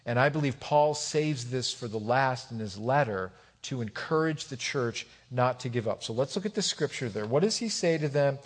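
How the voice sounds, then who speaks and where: A pastor preaching a sermon, swinging from loud emphatic exhortation to quiet asides to the congregation. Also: male voice, mid-range voice, lively intonation, moderate pace, hardly any pauses, breathy edge.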